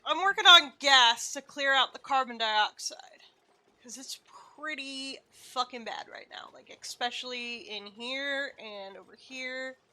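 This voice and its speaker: A woman's voice: sits high, measured pace, sharp tone. A woman streamer giving casual gameplay commentary, chatty and muttering to herself with casual swearing.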